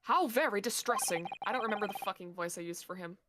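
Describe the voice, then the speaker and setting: A woman's voice: mid-range voice, fast talker, a bit bright, slight background noise. Sweary, laughing woman streamer. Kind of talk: casual game stream chat.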